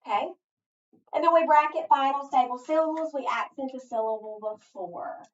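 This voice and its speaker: A woman teacher giving a phonics lesson, thinking aloud step by step and pausing so listeners can finish her sentences. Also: sits high. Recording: echoey, distant, dull sound.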